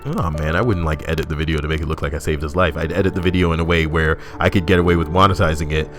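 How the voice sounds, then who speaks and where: A young man with a low, deep voice hosts his channel in loose banter, swearing freely and slipping into mock voices. Soft music plays faintly underneath. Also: fairly even intonation, racing. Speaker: YouTube host. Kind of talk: casual banter.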